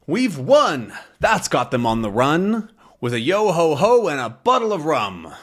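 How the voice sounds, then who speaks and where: A man's voice: medium pitch, big pitch swings, takes it slowly, pushed and bright, exaggerated voice. A man voicing a blustering middle-aged male sea captain who hurls theatrical pirate insults. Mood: triumphant.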